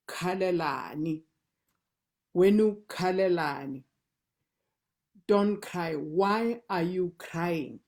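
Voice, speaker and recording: A woman's voice: lowish voice, darkish tone. A South African woman leading a sing-along, teaching a song's words and pronunciation patiently, repeating syllables and restarting as she explains. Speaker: song leader. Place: indoors, online sing-along session.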